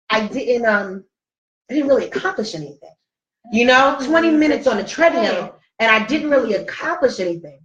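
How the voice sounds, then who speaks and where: A woman's voice: fairly high pitch, expressive, moderate pace, a bit bright. A middle-aged woman hosting a casual talk show, telling a personal story in a heartfelt, emotional way. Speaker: host. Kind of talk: casual chat. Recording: roomy, distant, dull-sounding mic.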